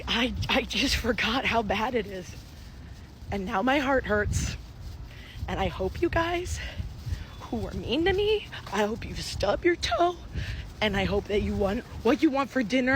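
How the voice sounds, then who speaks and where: A woman's voice: on the high side, expressive, fairly bright tone, slight background noise, poor audio. A woman venting hurt feelings in an emotional confessional vlog clip. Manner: hurt, venting, drawn-out delivery. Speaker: online creator.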